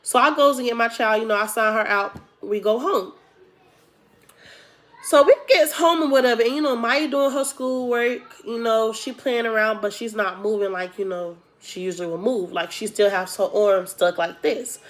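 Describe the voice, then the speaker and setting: A young woman recounts a personal story in a relaxed, conversational way. She talks straight to her viewers, calls them y'all, and acts out what people said along the way. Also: fairly high pitch, normal speed. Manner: chatty, addresses viewers as y'all, acts out quotes. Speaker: storytime vlogger. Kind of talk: casual storytelling to camera.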